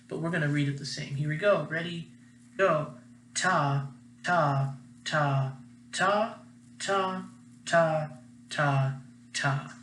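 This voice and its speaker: Bright-voiced man teaching a music lesson. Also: on the high side, roomy sound, slight background noise, low-quality recording. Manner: clear, patient, encouraging. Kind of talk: recorded class lesson.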